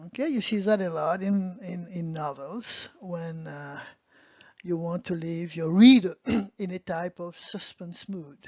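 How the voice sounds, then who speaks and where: A woman's voice: fairly low pitch, a little slow, darkish tone, no echo. A woman teaching beginner French grammar, explaining patiently and answering her own questions. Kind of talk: online language lesson. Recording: dull lo-fi dry sound.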